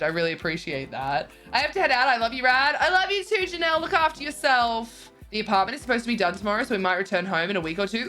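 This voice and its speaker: A bubbly woman in her twenties casually chats with viewers on a stream, reading out their messages and laughing often. Her voice sits in the mid range with a slightly bright quality, and faint music plays in the background.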